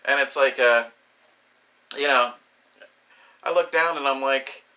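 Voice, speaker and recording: A young man telling a crude comic story, profane and animated, acting out the voices in his quotes. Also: mid-range voice, unhurried, pauses often. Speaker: comedic storyteller. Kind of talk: crude comedic monologue.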